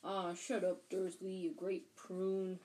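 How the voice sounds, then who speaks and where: A woman's voice: lowish voice, completely flat delivery, slow pace, dark tone, low-quality recording. Hagrid, a woman reading as a hearty giant. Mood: gruff friendly. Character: huge gruff kindly giant man. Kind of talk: audiobook character voice.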